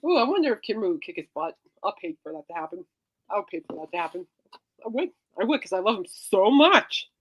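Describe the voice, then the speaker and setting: A woman's voice: medium pitch, very animated, quick pace, fairly bright tone. A woman hosting a podcast in casual chat, playful and teasing, rambling from joke to joke. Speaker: podcast host.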